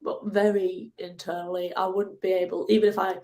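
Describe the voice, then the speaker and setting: Animated young woman telling a story. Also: fairly quick. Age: 20s. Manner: animated, acts out her own angry outbursts in a higher voice. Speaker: guest, ocean rower. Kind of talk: casual interview storytelling.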